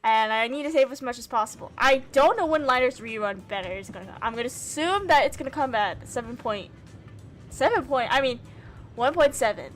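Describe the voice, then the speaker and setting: A young woman streaming a game, giving casual commentary in an excitable, gushing manner and swearing freely. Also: high voice, brisk, faint music behind.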